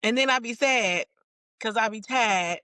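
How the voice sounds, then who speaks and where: A woman guest in a casual chat, candid and relaxed, laughing often and restarting her sentences. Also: a little high, unhurried, dry recording.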